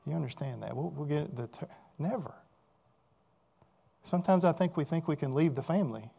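Conversational male preacher, slightly high voice. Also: lively intonation, fairly quick, gravelly, dark tone, husky. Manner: conversational preaching with rhetorical questions and repeated words. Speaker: pastor. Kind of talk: sermon.

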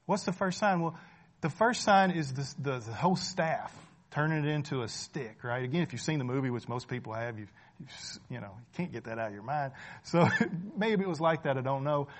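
A man with a mid-range voice delivers a conversational sermon, speaking fairly quickly with lively intonation. He asks rhetorical questions, checks in with his listeners, and repeats phrases for emphasis.

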